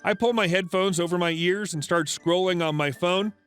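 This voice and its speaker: A man reading online stories aloud as a scripted narration, in a lively storytelling manner. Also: sits high, normal speed, smooth, soft background music.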